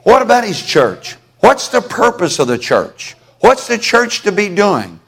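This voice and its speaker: A man's voice: high-pitched, wildly swooping pitch, unhurried, gravelly, fairly bright tone, breathy edge. A man preaching a sermon to his congregation in a church, folksy and conversational, calling on listeners by name. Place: church sanctuary.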